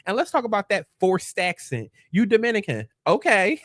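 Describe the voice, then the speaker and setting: A woman's voice: mid-range voice, big pitch swings, normal speed, dry recording, studio quality. A woman host reading roasts aloud with commentary, sassy and laughing, stumbling over words as she cold reads.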